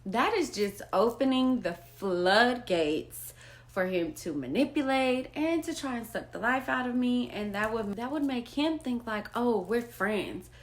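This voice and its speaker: A woman speaking as a mother in a personal vlog monologue, slow and emphatic, repeating phrases for weight and sometimes dropping to a near whisper. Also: on the high side, expressive. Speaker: mother sharing personal experience.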